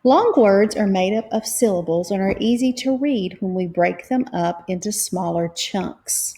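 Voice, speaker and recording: A woman teaching reading at a slow, careful pace, breaking words into syllables and spelling out letters. Her voice has a gravelly edge of vocal fry, and her tone stays patient throughout. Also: medium pitch, mellow. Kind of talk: slow, clear phonics lesson.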